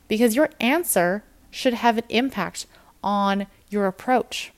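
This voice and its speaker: A woman's voice: medium pitch, a little slow. A woman fitness and nutrition coach giving a casual motivational talk, candid and encouraging, acting out her own inner voice.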